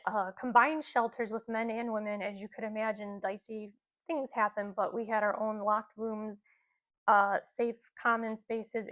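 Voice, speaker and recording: A woman's voice: mid-range voice, fairly bright tone. A woman in her forties casually telling a personal spiritual story, rambling with many fillers and asides. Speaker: spiritual content creator.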